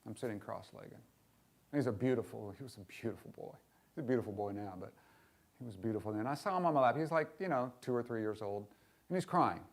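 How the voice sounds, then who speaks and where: A middle-aged male minister giving a candid, conversational sermon, often putting questions to the congregation and going soft and hushed in tender moments. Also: medium pitch, fast, vocal fry.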